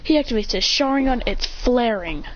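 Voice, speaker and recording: A speaker excitedly retelling a fan-made story, rambling and breaking into shouted sound effects and voiced lines. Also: medium pitch, normal speed. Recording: dull lo-fi mic with faint hiss.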